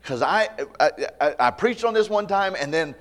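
A man preaching at a camp meeting, his voice sitting a little high for a man. He talks to the congregation conversationally with folksy humor, then drives his points home with loud, emphatic bursts. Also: lively intonation, moderate pace. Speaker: pastor. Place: church meeting before a live congregation.

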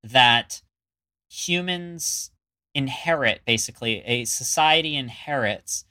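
A man's voice: medium pitch, takes it slowly, bright, forceful tone. A man co-hosting a casual podcast, talking in a rambling way with many fillers and restarts. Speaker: podcast co-host. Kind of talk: casual chat.

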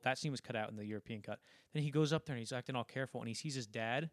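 A man's voice: mid-range voice, dry recording. Guy rambling thru a movie breakdown, doing little character voices, dry mic. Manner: rambling, acts out film lines in quick impressions. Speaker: podcast co-host. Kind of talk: casual film discussion.

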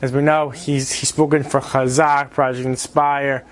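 A man's voice: medium pitch, little pitch movement, measured pace. A man hosting an event, formally introducing the next speaker.

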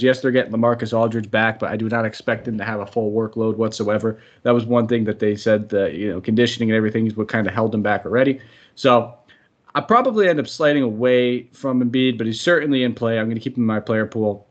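A man's voice: mid-range voice, fast. American guy hosting a fantasy hoops pod, upbeat and chatty, kinda muffled mic. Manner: upbeat, friendly, rambling. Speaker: podcast host. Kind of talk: sports betting podcast talk.

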